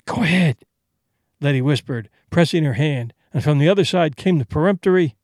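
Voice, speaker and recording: A man narrating an audiobook with expressive storytelling. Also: a little high, brisk, no room sound, studio quality.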